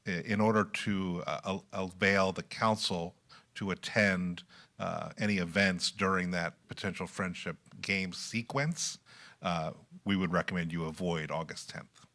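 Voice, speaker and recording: Low-voiced man giving a measured staff report. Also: fairly even intonation, sharp tone. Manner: measured, many filler pauses. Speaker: city staff presenter. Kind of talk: formal public meeting report.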